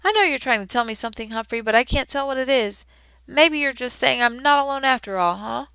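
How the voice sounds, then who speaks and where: A loud, hearty janitor with a big friendly voice, as a woman reading a storybook puts him on. He talks in a chatty way, and there is a gravelly edge to the higher voice. The sound is dry and close. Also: lively intonation, a little fast, dry recording, full character voice. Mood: jolly. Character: jovial booming male night janitor, friendly.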